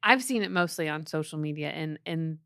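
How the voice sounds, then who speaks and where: A middle-aged woman with a fairly low voice co-hosts a faith podcast. She speaks earnestly and thoughtfully in a casual tone, recorded dry and close to the mic. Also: lively intonation, a little fast, fairly bright tone, no echo. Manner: earnest, thoughtful, with frequent filler restarts. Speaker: podcast co-host.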